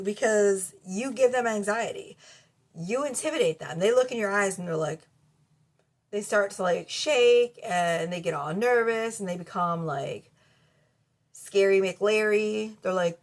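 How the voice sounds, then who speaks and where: Slow and medium in pitch, a woman with kids reads tarot to camera at home in a cluttered bedroom. The reading is casual, blunt and full of profanity, with frequent laughter, recorded on a camera mic.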